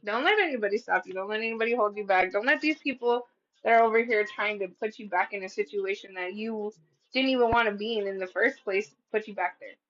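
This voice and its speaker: A woman's voice: medium pitch, quick pace, a bit bright. A woman doing a casual tarot reading, blunt and profane, acting out what people say and laughing at her own readings. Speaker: tarot reader. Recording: slightly dull lo-fi sound.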